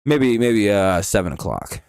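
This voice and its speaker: A man's voice: fairly low pitch, very animated, measured pace, a little mellow, smooth, no echo, studio quality. A man hosting a live stream, giving rambling, offhand game commentary with casual swearing.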